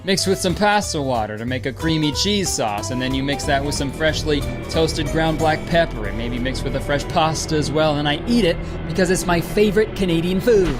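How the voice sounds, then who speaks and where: A young man giving rambling, sarcastic comedy commentary and swearing freely as a YouTube comedian. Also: medium pitch.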